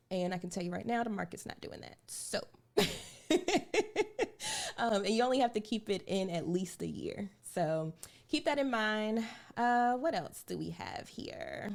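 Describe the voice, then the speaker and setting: A woman's voice: mid-range voice, unhurried. Woman doing a live money talk show, chatty and earnest, keeps repeating stuff for emphasis, talks right to the viewers. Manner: chatty, addresses viewers directly as "y'all". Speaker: personal finance show host. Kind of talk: casual live-stream talk.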